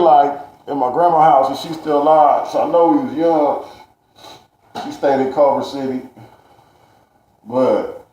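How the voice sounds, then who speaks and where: A man's voice: medium pitch, mellow, lo-fi sound. A man telling a rambling, profane story in street slang, ranting to camera. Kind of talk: casual storytelling rant. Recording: echoey room.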